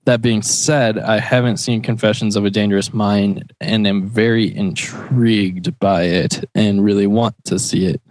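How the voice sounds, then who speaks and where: A man on a casual movie podcast, hesitant and filling pauses with uh. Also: on the low side, fairly even intonation, darkish tone, no echo. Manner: hesitant, filler-heavy. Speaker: podcast co-host. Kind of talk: casual chat.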